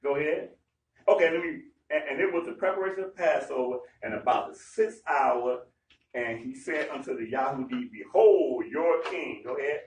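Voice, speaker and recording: A man's voice: medium pitch, brisk, far from the mic, a little hiss or hum. A man leading a Bible study. He speaks emphatically in slang and acts out the people in the story. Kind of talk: animated sermon-style Bible teaching. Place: gathering room. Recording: echoey room, heard from afar.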